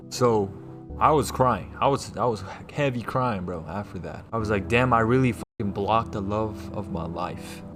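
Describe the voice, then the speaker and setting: A young man from New York, livestreaming and telling a personal story to his chat in a rambling way, loud one moment and hushed the next. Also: mid-range voice.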